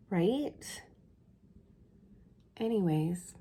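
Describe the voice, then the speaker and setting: A woman's voice: on the low side, lively intonation, unhurried, a little mellow. A woman vlogger telling a story in casual chat, acting out her own reactions with lots of fillers. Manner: chatty with many fillers. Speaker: cross stitch vlogger.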